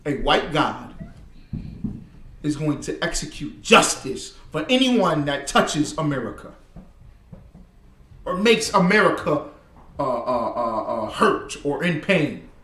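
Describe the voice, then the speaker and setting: Man ranting over news clips, high bright voice, roomy echo, bit far off mic. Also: expressive, takes it slowly, long pauses. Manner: emphatic, preachy. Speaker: host. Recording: echoey room, distant mic.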